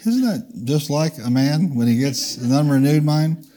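A man's voice: a little high, normal speed, mellow. A man preaching a sermon, leading the congregation in call-and-response and changing his pace for emphasis. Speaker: pastor. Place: church.

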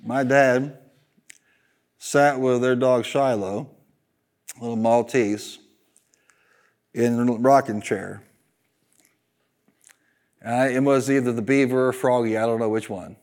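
A male pastor preaching a sermon, animated and joking, leading the congregation in call-and-response. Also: medium pitch, takes it slowly, long pauses.

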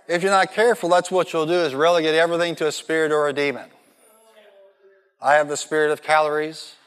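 A man preaching a sermon, telling lively stories and calling on the congregation to repeat lines back to him. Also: fairly high pitch, fairly quick, clean tone. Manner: animated storytelling with call-and-response. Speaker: pastor. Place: large church hall. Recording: long reverb of a large hall.

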